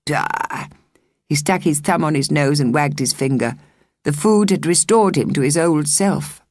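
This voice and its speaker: A woman narrating a children's novel as an audiobook reader, in measured, expressive storytelling. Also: low-pitched, no echo.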